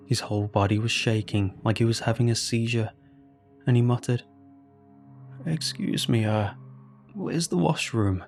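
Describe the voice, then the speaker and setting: A man reading a horror story aloud in a measured, grave scripted narration. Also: mid-range voice, darkish tone. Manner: slow, measured, grave delivery. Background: faint background music.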